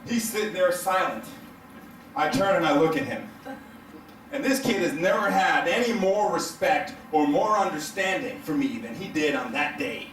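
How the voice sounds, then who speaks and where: A man doing stand-up comedy to a live crowd, telling a story in an animated, profane way and laughing through his lines. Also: a little high, moderate pace, a little hiss or hum. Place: hotel event room stage. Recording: echoey room, mic heard from a distance.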